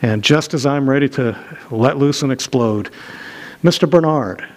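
A man's voice: mid-range voice, moderate pace. A middle-aged man preaching a sermon, telling a personal story in a conversational, self-deprecating way with frequent restarts, recorded in a church. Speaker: pastor. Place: church sanctuary.

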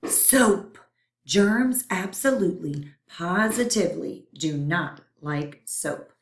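Woman reading a picture book to children, unhurried and playful, echoey room. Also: lowish voice, expressive. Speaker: storyteller. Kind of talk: picture book read-aloud. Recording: roomy echo.

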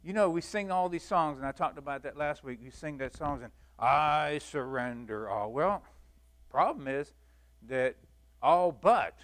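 A man with a drawl leads a church Bible lesson, folksy and animated as he acts out the stories. His voice sits slightly high for a man. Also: normal speed. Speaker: Sunday school teacher.

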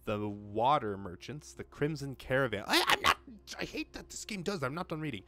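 A man's voice: mid-range voice, sing-song, brisk, bright, forceful tone. Chatty young man reading game dialogue. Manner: chatty, self-mocking, swears when frustrated. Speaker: let's play gamer. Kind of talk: casual gameplay commentary, reading dialogue aloud. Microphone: home desk mic with pop filter.

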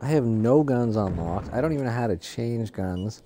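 A gaming channel host gives live commentary on a shooter he's playing, using a warm, medium-pitched voice with lively intonation at a moderate pace. Gunfire and explosions from the game sit behind his voice along with slight background noise, as he vents his frustration in exasperated, sweary outbursts.

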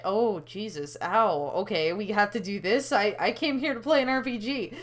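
A woman's voice: mid-range voice, moderate pace, hardly any pauses. A woman talks through a video game as the host of a let's play. Her commentary is casual and chatty, with plenty of swearing.

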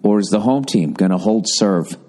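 A middle-aged man, hosting a podcast in a casual, profane, exasperated rant that mocks fans in squeaky voices. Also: normal speed, warm tone. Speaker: podcast host. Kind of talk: casual ranting monologue.

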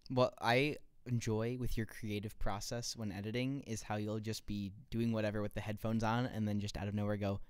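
A man's voice: lowish voice, flat delivery, fairly quick, hardly any pauses, a little mellow, clean tone, no echo. A man co-hosting a podcast in casual chat, jokey and playful, telling stories animatedly. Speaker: podcast co-host.

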